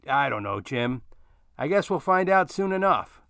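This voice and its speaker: A man's voice: on the high side, very animated, normal speed, creaky, a bit bright, dry recording, studio quality, full character voice. A man voicing a courteous, slightly curt older man who acts as unofficial mayor of his street.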